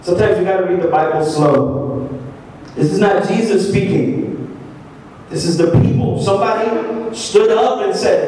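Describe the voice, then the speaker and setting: A young man preaching a sermon in a church hall, animated and laughing often as he acts out voices. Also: normal speed, long pauses. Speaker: pastor. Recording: echoey hall from far off, faint rumble.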